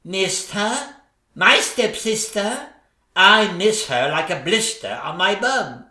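A man's voice: high voice, expressive, takes it slowly, bright, forceful tone, full character voice. A man playing a catty, vain ugly stepsister in a pantomime stage comedy, with a camp, teasing sing-song delivery. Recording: echoey stage recording.

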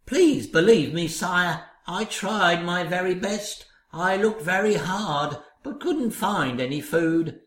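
A man's voice: sits high, expressive, takes it slowly, few pauses, a bit bright, exaggerated voice. An actor playing a fawning, scheming male servant in a comic radio play, with an oily, obsequious way of talking. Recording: roomy echo.

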